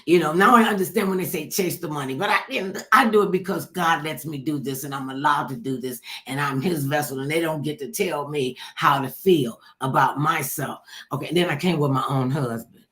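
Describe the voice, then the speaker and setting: Host: older woman with a lowish voice, blunt and emphatic, jokes her way through stories in an easygoing chat. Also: fairly quick, a bit bright. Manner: emphatic, blunt, jokey storyteller. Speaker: talk show host. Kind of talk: casual storytelling chat.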